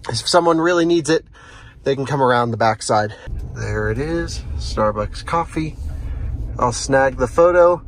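A man's voice: mid-range voice, lively intonation, unhurried. A man hosting a road test, chatting casually as he tows a trailer and talks through each step. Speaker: host of an EV towing test. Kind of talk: casual vlog narration while driving and towing. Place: inside a truck and at a charging station. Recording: faint vehicle and outdoor noise.

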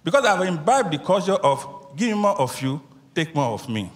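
A man giving an earnest testimony before a church congregation, telling his story in an animated way. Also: a little high, moderate pace. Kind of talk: spoken testimony. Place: large church hall. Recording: echoey church hall.

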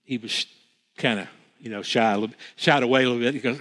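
In a church sanctuary, a fast-talking pastor with a mid-range, somewhat bright voice preaches earnestly. He leans on repeated phrases and frequent restarts, and the hall adds a long reverb.

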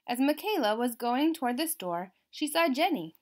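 A woman's voice: sits high, normal speed. A woman, an elementary school teacher, reading a picture book aloud to children and asking them questions as she goes. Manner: expressive, asks listeners questions. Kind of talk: storybook read-aloud for children.

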